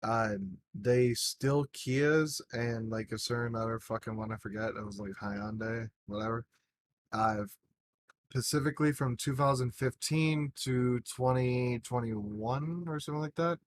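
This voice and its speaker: A man's voice: medium pitch, a little slow, a little hiss or hum. A man co-hosting a casual podcast, telling rambling stories and swearing freely. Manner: profane, rambling storyteller. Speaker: podcast co-host.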